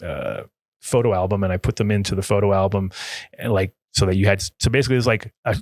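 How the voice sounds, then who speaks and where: A man's voice: lowish voice, fast, dry recording. A man telling a long story as a podcast guest in a casual, rambling way, swearing freely and stopping to act out what other people said. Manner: rambling, profane, acts out other people's lines.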